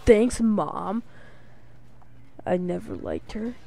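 Female gamer commentator, high-pitched, rambling and jokey with sudden excited spikes. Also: unhurried. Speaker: let's play commentator. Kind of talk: casual gameplay commentary.

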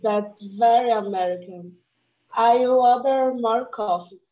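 A woman reading the part of a chatty, teasing young woman, with lively intonation, in a classroom role-play. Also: a little high, measured pace, phone-quality sound. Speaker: student reading a dialogue.

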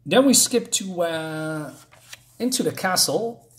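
A man's voice: sits high, lively intonation, takes it slowly. Hesitant man chatting about a comic. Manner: hesitant, many fillers and self-corrections; chatty, laughs at himself. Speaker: comic book reviewer. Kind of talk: casual comic book walkthrough.

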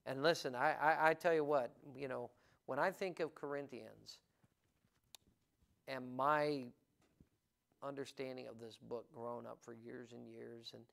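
A man's voice: medium pitch, fairly even intonation, measured pace, creaky, long pauses, a bit bright. A man preaching a sermon as pastor of a church, earnest and building in energy, with restarts and fillers as he talks. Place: church sanctuary.

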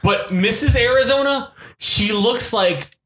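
A man's voice: very high voice, a little slow, a bit bright, a little hiss or hum. A young man co-hosting a movie podcast in casual chat, throwing in playful jokes. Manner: jokey, playful asides. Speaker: podcast co-host.

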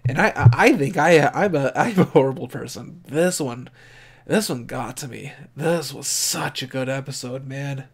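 A man giving casual, excitable reaction commentary as an anime reviewer, swearing and thinking aloud, openly moved. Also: medium pitch, normal speed, husky. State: emotionally moved.

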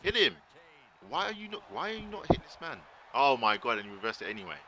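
A man streaming a wrestling video game live, excitedly commentating, swearing and shouting at the screen. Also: mid-range voice, quick pace, background noise. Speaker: gaming streamer.

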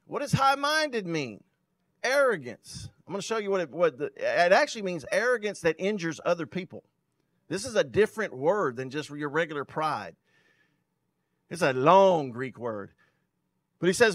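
A male pastor preaching a sermon, reading scripture aloud and explaining it with emphatic swells in loudness. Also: high-pitched, big pitch swings, moderate pace, no echo. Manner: loudness rising and falling sharply for emphasis.

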